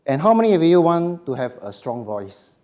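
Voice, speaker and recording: A man giving a voice workshop to a live audience, speaking slowly and emphatically and letting his phrases drop quietly at the end. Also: fairly high pitch, sing-song. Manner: slow, emphatic, dropping to quiet endings. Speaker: voice coach.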